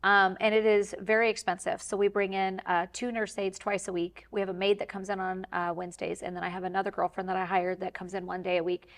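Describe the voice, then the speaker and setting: A woman's voice: medium pitch, flat delivery, fast talker, few pauses. A woman speaking as a talk show guest, telling a family story in a rambling, heartfelt way with many fillers. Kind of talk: candid interview talk.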